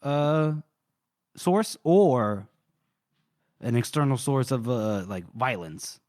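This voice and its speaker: A man co-hosting a book podcast, retelling scenes in an animated, casual way. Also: medium pitch, takes it slowly. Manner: animated retelling, frequent laughs. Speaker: podcast co-host.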